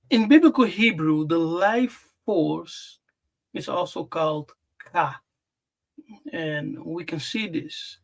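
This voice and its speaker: A man teaching scripture on a live stream, slow and deliberate, repeating key words for emphasis. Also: fairly high pitch, vocal fry. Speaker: Bible teacher.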